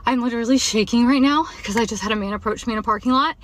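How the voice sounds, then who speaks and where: A woman's voice: on the high side, racing, fairly bright tone, no room sound. A shaken woman telling her own story to camera, emphatic and repeating herself. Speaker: parent posting a video.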